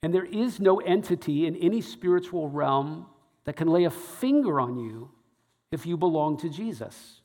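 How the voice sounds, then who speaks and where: Pastor, male, fairly high voice, animated storyteller preaching in a large echoing hall. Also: moderate pace. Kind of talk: sermon storytelling.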